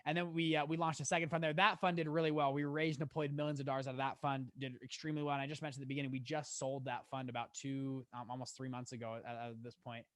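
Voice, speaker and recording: A young man in his twenties, a guest on a podcast, telling his story in a lively way with many restarts. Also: medium pitch, no room sound. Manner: animated, quick storyteller with laughs and restarts. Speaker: guest, fund manager. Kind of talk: casual storytelling in an interview.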